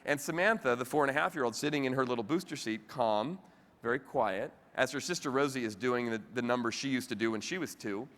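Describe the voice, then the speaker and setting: A man giving a lively motivational keynote talk, chatting directly with the audience at a convention. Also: mid-range voice, fairly quick. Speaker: keynote speaker. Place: convention hall with live audience. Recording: reverberant convention hall.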